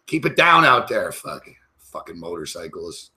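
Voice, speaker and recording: This sports betting show host talks to himself while placing live bets, swearing and rambling in agitation. His low-pitched voice is very animated, bright and forceful, at normal speed.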